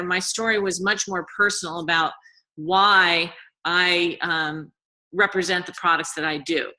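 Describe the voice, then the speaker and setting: A woman's voice: mid-range voice, bright, forceful tone, rough recording. A woman telling a casual story in a chatty way, retelling a conversation with fillers. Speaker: co-host.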